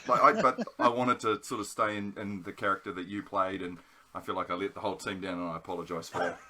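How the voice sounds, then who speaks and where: A man's voice: deep voice, steady tone, fast talker, sharp tone. A man chatting as a guest on a call, sheepish and jokey about himself. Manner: self-mocking, sheepish and jokey. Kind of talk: casual chat. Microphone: headphones and call setup.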